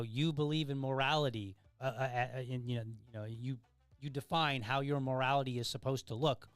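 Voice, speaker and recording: A man's voice: medium pitch, no room sound. A man hosting an opinion show, lecturing emphatically and firing off exasperated rhetorical questions while reading out viewer comments. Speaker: podcast host.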